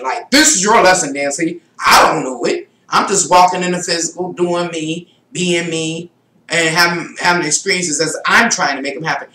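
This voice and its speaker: Middle-aged woman vlogger, casual rambling storyteller, echoey room. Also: fairly bright tone. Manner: rambling, with shrill exclaimed self-quotes. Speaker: spiritual vlogger.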